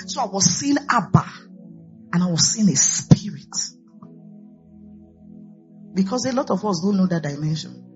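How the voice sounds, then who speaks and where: A woman's voice: fairly low pitch, animated, normal speed, pauses often. A woman pastor preaching a sermon, peppering her words with hallelujahs. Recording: dull lo-fi recording with faint music.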